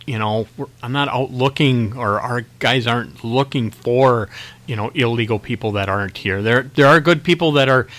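A middle-aged man, a county sheriff, answering questions in a radio interview, talking haltingly with many restarts and fillers. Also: mid-range voice, a bit bright.

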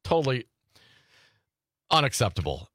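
Lively male talk radio host. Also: mid-range voice, no echo, clean studio sound. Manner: gets loud and fast when fired up. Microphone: studio mic.

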